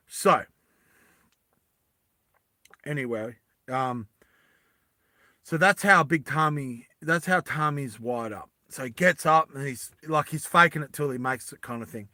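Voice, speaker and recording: A man retells an adventure story in a loose, rambling way, full of fillers and restarts. His voice is bright and somewhat high for a man. The sound is close and dry, with no room around it. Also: unhurried, pauses often, no room sound. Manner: rambling, animated, with many fillers.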